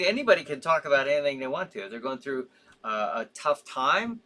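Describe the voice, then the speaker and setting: A man's voice: medium pitch, big pitch swings, brisk, bright, forceful tone, a little hiss or hum. A man hosting a live show in casual chat, reading out viewer comments with sympathy, rambling with frequent fillers and easy laughs.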